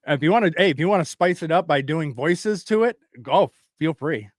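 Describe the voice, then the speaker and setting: A man's voice: on the high side, expressive, normal speed, no room sound. A man hosting a casual podcast, rambling loosely as he sets up a comedy bit. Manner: rambling, setting up bits. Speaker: podcast host. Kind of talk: casual chat.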